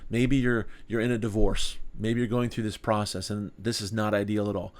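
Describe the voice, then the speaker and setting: A man's voice: fairly low pitch, little pitch movement, moderate pace. A man teaching a small group Bible study in an earnest, conversational way, asking rhetorical questions.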